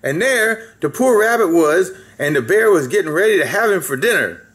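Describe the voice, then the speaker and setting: A man's voice: high-pitched, expressive, normal speed, fairly bright tone. A man reading a children's story aloud in a folksy way, with asides to the listener.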